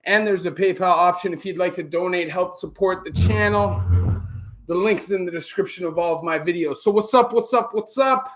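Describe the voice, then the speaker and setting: A middle-aged Canadian man with a Canadian accent hosting a relaxed live Q&A stream, greeting viewers by name and filling gaps with "you know". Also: sits high, moderate pace. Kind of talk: casual live-stream chat. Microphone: camera on a stand.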